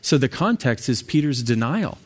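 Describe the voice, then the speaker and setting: A man's voice: mid-range voice, sing-song, normal speed. A man leading an evening Bible study as pastor, talking through scripture in a conversational way with fillers and restarts.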